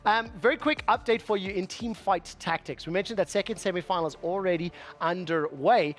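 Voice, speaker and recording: A man hosting an esports broadcast desk, playful and excitable, often laughing with his co-hosts. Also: high voice, brisk, soft background music. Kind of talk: live esports desk chat.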